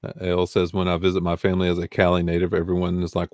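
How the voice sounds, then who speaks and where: A man's voice: low-pitched, flat delivery, fast, no echo, clean studio sound. A man with a Southern US accent hosting a casual livestream, rambling and answering chat comments. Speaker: eBay reseller hosting a livestream.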